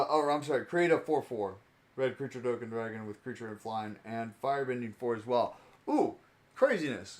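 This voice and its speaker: A young man streaming, chatting casually and joking as he sorts cards, laughing often and playing with mock accents. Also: mid-range voice. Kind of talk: casual stream chat while sorting cards.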